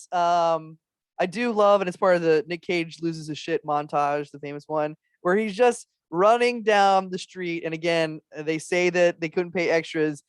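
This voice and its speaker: A man chatting as a podcast guest, swearing freely, laughing often and dropping into quick impressions. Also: high voice, clear, resonant tone, no echo, studio quality. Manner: profane, laughs a lot, does impressions. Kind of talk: casual chat.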